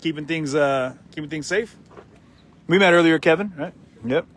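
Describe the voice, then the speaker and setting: Reporter, male, mid-high voice, casual jokey outdoor interviewer. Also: moderate pace, fairly bright tone. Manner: playful, punny, self-mocking. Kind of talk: casual joking street interview. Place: outdoors at a horse stable.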